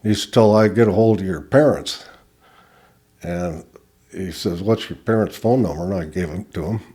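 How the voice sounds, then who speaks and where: An older man from California, a podcast guest telling road stories in a relaxed chat, acting out voices and laughing as he goes. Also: sits low, moderate pace, slightly rough. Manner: animated, laughs while telling, acts out quoted voices. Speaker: guest storyteller. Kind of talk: casual storytelling. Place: podcast studio. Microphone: desk mic.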